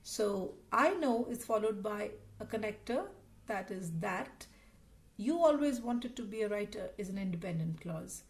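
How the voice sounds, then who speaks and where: A woman's voice: medium pitch, lively intonation, unhurried. A woman teaching a recorded grammar lesson, explaining patiently and reading out example sentences.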